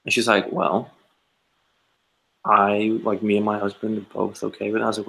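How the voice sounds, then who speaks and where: Gravelly low-voiced man telling a story. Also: little pitch movement, a little fast, a bit bright, rough recording. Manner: rambling anecdote with acted-out quotes. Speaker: podcast co-host. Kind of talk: casual storytelling chat.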